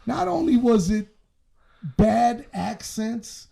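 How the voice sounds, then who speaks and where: A man's voice: very high-pitched, animated, slow, vocal fry, warm tone. A man co-hosting a casual podcast, blunt and profane, telling stories with lots of animation. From Southwest Detroit. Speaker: podcast co-host.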